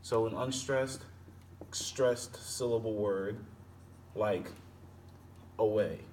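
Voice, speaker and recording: Man explaining poetry from a distance. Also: medium pitch. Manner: explains slowly, repeating and sounding out words. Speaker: teacher. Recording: distant mic with faint background noise.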